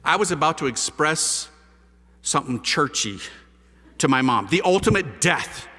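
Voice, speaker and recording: A man with a fairly high, bright and forceful voice tells his story with big swings in pitch. He acts out the scenes with drama. Long reverb rings around him in a large hall. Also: expressive, measured pace. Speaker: priest giving his conversion testimony. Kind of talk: animated storytelling talk to an audience.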